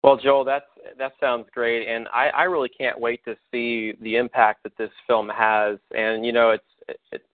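A man's voice: medium pitch, level tone, a little slow, dry recording. American male host, friendly and meandering, on a dry phone-line recording. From United States. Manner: friendly, rambling. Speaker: podcast host. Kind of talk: casual interview.

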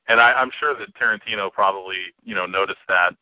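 A man talks loosely about movies, circling back and repeating himself as he hunts for the right words. His voice sits low and even. The sound is thin and tinny, like a phone line. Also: brisk, dry recording. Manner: rambling, repeats words while searching for them. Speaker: podcast co-host. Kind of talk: casual film chat.

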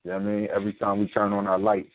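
A low-voiced man hosting a casual talk show, laying out his opinions in an emphatic, explanatory way. The sound is thin and phone-like, with no room echo at all. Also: completely flat delivery, very fast. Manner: emphatic, explanatory, frequent "you know what I mean".

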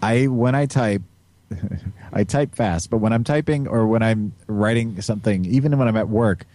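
A man's voice: lowish voice, moderate pace, warm tone, no room sound. A man hosting a podcast, rambling and joking with a giggly, casual manner. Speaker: podcast host. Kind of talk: casual chat.

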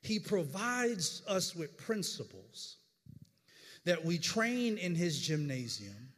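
A middle-aged man, a pastor, preaching a sermon with animated storytelling and stammered repeats. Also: fairly high pitch, slow. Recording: long hall reverb.

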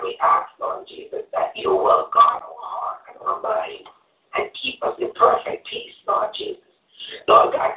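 An earnest, fervent woman testifies and prays aloud on a church call, her pitch swinging widely as she repeats her invocations. She sounds distant from the microphone, in an echoey room, and the sound is narrow and phone-like. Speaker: evangelist, church member. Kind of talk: testimony and spoken prayer on a group call.

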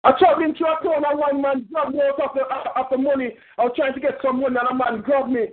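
High-voiced fervent male preacher. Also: level tone, fast. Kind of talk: sermon. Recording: tinny phone-like sound.

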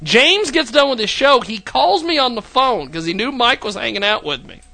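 A man hosts a loose, casual talk show and tells a story with lots of energy, acting out the quotes as he goes. His voice sits very high and bright, and his pitch swings widely. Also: moderate pace, vocal fry. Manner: animated storyteller, acts out quotes, laughs often. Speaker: podcast host.

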